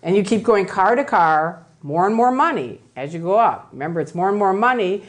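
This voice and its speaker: Give me an animated woman lecturer with a very lively, swooping voice, talking to a live audience. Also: mid-range voice, fairly quick. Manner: animated, acts out other people's voices in quotes. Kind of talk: lively storytelling talk to an audience.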